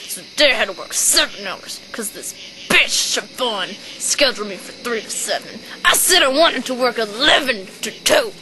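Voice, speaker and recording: A woman's voice: fairly high pitch, expressive, moderate pace, lightly acted. A woman playing a foul-mouthed, bossy young shopper who rants and swears constantly in an amateur sketch. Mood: ranting. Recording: noisy home recording.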